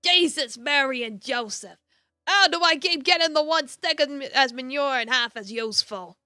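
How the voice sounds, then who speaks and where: A woman voicing an irritable old crone who runs an office, in a gruff put-on hag voice with a curt, scolding manner. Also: a little high, normal speed, pushed and bright, dry recording, studio quality. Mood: exasperated.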